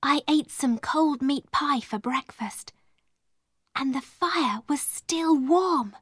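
Woman playing a gentle young girl, soft and hushed, slightly raised pitch, very slow, dry close sound. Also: no echo. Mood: tender. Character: gentle, hopeful young girl living in an attic.

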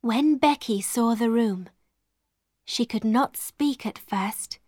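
Woman narrator, storybook read-aloud, very slow and measured, slightly high voice, dry close recording. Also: a little mellow, no echo. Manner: slow, clear, measured reading.

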